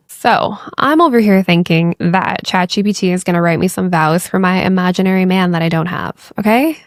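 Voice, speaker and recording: A woman's voice: fairly low pitch, normal speed, hardly any pauses, no room sound, studio quality. A young woman hosting a podcast, telling a story in a loose, chatty way full of fillers and the odd swear word. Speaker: podcast host. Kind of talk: casual storytelling chat.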